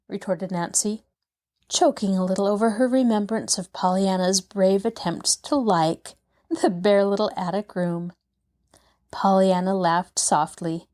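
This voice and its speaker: A woman hosting and narrating an audiobook story in an expressive, measured reading. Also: mid-range voice, no echo, studio quality. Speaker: host and narrator.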